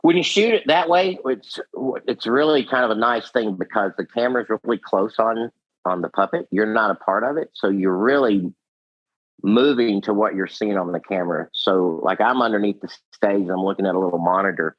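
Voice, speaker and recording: A man in his sixties, a puppeteer guest, telling stories in an animated, laughing way. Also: on the low side, brisk, no room sound, dull audio. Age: 60s. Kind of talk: casual storytelling.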